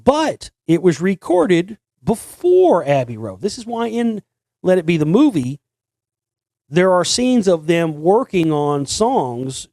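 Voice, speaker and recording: Rambling man talking, slightly high. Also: dark tone, no room sound. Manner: rambling, many restarts, sings snippets. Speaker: host. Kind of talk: casual monologue.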